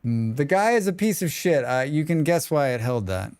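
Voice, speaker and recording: A man's voice: fairly high pitch, lively intonation, moderate pace, darkish tone, clean tone, dry recording. A man streaming a game live, chatting casually with viewers and talking to himself as he plays, rambling and swearing freely. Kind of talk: casual live-stream chat while playing.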